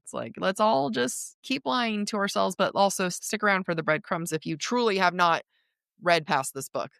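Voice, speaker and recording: A woman co-hosting a book podcast in casual chat, animated and laughing often as she talks through passages. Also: medium pitch, normal speed, vocal fry, no echo, clean studio sound. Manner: animated, laughs often, reads quotes aloud. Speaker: podcast co-host.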